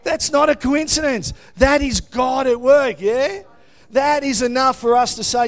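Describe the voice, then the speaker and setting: A middle-aged Australian man preaching a sermon, telling a story with lively exclamations and frequent "yeah?" tags to his congregation. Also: very high-pitched, unhurried, gravelly. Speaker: pastor.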